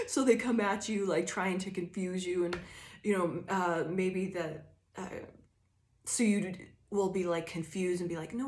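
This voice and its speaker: A woman's voice: fairly low pitch, darkish tone, reverberant. A woman giving a casual, rambling tarot reading, laughing often and acting out quoted voices. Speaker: tarot reader.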